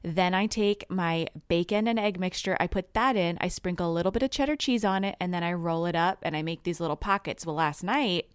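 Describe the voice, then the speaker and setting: A woman with a smooth, resonant, slightly low voice chatting on a podcast. She laughs a lot and walks through advice and recipes in an easy, conversational way. The sound is dry and close. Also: a little fast, hardly any pauses, dry recording. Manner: laughs often, gives calm advice. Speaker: podcast co-host. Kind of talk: casual chat.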